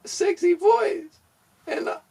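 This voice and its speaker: A man voicing a shrunken, kidnapped female pop singer who frets in a raspy, husky squeak during comedy podcast improv. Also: slow pace, warm tone, far from the mic, heavily acted. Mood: embarrassed. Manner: whiny, fretful and earnest.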